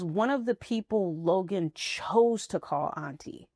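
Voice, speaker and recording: A woman's voice: mid-range voice, unhurried, a little mellow, no room sound, studio quality. A woman guest in a candid interview, talking frankly and reflectively about motherhood and friendship.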